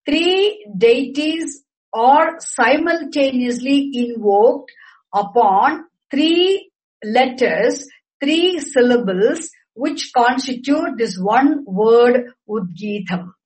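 A woman lecturing on a sacred text, deliberate, repeating and explaining each term. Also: high voice, animated, a little mellow, low-quality recording. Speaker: scripture teacher.

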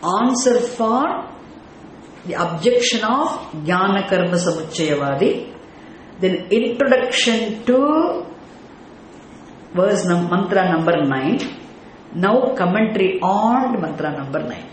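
A man's voice: sits high, animated, slow, long pauses. A man with an Indian English accent teaching a scripture class, explaining Sanskrit words one at a time and asking rhetorical questions. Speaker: Vedanta teacher. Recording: echoey room with faint background noise.

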